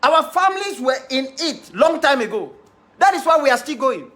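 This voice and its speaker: A man's voice: extremely high pitch, very animated, moderate pace, a bit bright. A man with a Cameroonian English accent giving a defiant, impassioned monologue to his followers, repeating key phrases for emphasis. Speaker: activist leader addressing followers.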